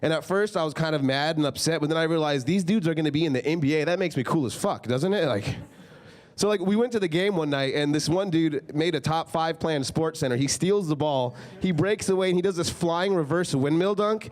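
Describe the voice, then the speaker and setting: This is a young man's stand-up set from a comedy club stage, delivered briskly in a fairly high voice. He spins his stories in a loose, offhand manner, leaning heavily on fillers, especially "like."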